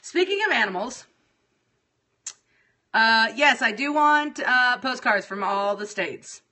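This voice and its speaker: A woman's voice: on the high side, animated, slow, bright, forceful tone. A middle-aged woman chatting casually to her viewers on a livestream, scattered, exasperated and swearing freely. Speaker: livestream host.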